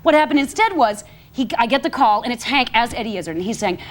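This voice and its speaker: A woman guest on a talk show telling an animated, self-mocking anecdote. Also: fairly high pitch, fast. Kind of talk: casual anecdote.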